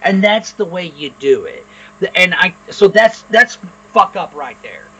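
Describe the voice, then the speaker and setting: Man, podcast co-host, blunt, profane, fairly high voice, husky edge. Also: big pitch swings, a little slow, fairly bright tone, rough recording. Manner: blunt, opinionated, swears a lot. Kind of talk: casual profane chat.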